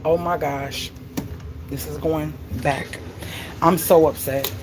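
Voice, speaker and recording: A woman's voice: low-pitched, fairly even intonation, slow, background noise. Exasperated woman venting to her viewers. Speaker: vlogger. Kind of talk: casual chat to viewers. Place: home.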